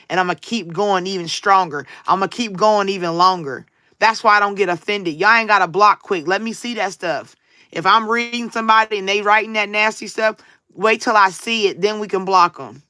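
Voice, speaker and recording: A woman's voice: medium pitch, sharp tone, no echo, clean studio sound. A woman, talking casually and sarcastically to her livestream viewers, with a preacher-like cadence. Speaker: livestream tarot reader.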